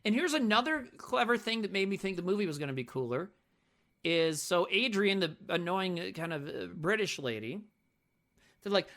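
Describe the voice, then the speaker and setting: A man's voice: high voice, sing-song, moderate pace, a bit bright. A man co-hosting a podcast, chatting casually and jokily about a movie, rambling and swearing freely. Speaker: podcast co-host.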